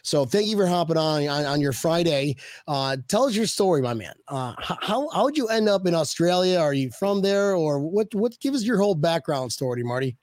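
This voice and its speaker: A man's voice: a little high, big pitch swings, fairly quick, few pauses, darkish tone, no room sound. A man hosting a casual chat, playful and joking. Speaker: host.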